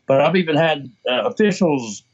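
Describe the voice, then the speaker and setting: A man's voice: a little high, expressive, moderate pace. A man, talking in a rambling, emotional way as an interview guest. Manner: rambling, emotional, many restarts. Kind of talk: casual interview conversation. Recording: slightly dull lo-fi audio.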